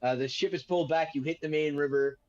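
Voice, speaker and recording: A man narrating as game master in a tabletop game, rambling and crude, quick to laugh. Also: on the high side, steady tone, darkish tone, faint music behind. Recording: dull lo-fi.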